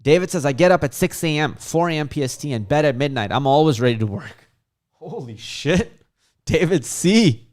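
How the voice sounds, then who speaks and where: A man's voice: fairly high pitch, quick pace, a little mellow. A man from Chicago hosting a casual livestream and reading viewer comments aloud with lots of hype. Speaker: livestream host.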